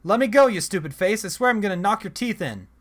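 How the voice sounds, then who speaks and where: A man playing a feisty young thief girl in a game, raised pitch, loud shouty delivery, slangy swearing, brash and hot-tempered. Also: a little fast, slight background noise. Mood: angry.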